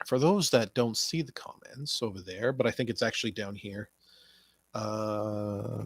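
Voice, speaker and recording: A man's voice: mid-range voice, fairly bright tone, no room sound. A man hosting a podcast, ranting sarcastically with profanity and many stumbling restarts. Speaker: podcast host. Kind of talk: rambling profane wrestling commentary.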